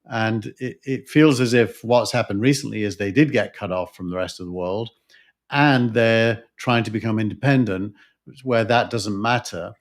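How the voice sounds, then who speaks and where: Yorkshire guy on a podcast, lowish voice, lots of ums and restarts as he thinks. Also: normal speed. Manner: thoughtful, hesitant with frequent fillers and restarts. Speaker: podcast co-host. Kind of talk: casual discussion.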